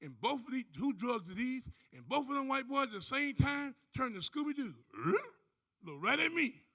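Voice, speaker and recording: This is a man giving a lively testimony from a conference stage. His voice sits unusually high for a man and swings widely as he acts out each character. The tone is bright and gravelly. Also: moderate pace. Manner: animated storyteller, acting out other voices and whooping. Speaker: conference speaker. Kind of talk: motivational testimony to a live audience.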